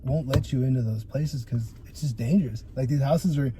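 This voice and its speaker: A man's voice: medium pitch, fairly quick, a loud crowd. A young man telling stories as a guest on a casual podcast, swearing freely and peppering his talk with "dude" and "like.". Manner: animated, profane storytelling with lots of "dude" and "like". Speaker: guest photographer.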